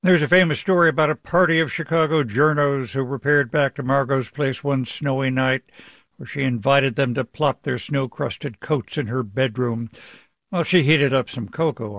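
A male radio news host with a somewhat high voice speaks in a close, dry studio. He tells stories in a warm, wry way, with careful timing. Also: no room sound. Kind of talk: radio news interview and personal essay.

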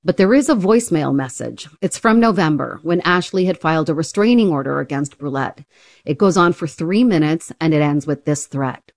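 A woman radio reporter delivering a news story in a clear, even reporting style. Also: sits low, moderate pace, no echo, studio quality.

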